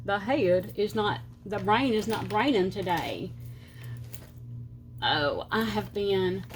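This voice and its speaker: A woman's voice: mid-range voice, animated, slow pace, slight background noise. A middle-aged woman with a Southern US accent, chatting casually and rambling as she decorates her planner, with slightly slurred speech, sometimes counting under her breath. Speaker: planner channel host. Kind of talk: casual chatty crafting vlog.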